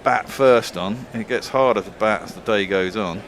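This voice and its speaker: A man's voice: lowish voice, normal speed, a bit bright, slight background noise. A man commentating on cricket ball by ball, trading dry, joking banter with his co-hosts.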